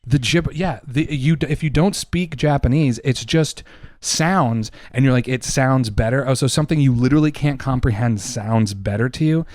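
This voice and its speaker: A man co-hosting a podcast, delivering a heated, profane opinion rant, loud and emphatic. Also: medium pitch, normal speed, no echo, clean studio sound. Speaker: podcast co-host.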